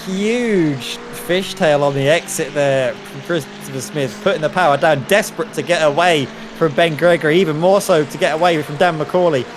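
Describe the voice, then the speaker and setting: A man's voice: on the high side, moderate pace, few pauses. Man, race co-commentator, analytical, dry humour, noisy background. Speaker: sim racing co-commentator.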